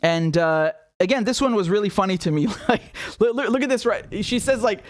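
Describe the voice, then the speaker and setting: A man with a high-pitched voice giving a heated, incredulous rant on politics. He stumbles and restarts often and fires off rhetorical questions. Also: fairly quick. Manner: incredulous, animated, many restarts. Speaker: political commentator. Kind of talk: casual ranting commentary.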